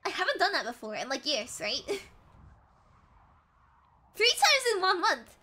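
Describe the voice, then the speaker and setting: A woman's voice: very high-pitched, wildly swooping pitch, measured pace, sharp tone, slight background noise. An American woman streaming a video game, chatting casually and rambling with frequent giggles. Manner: giggly, rambling, self-mocking.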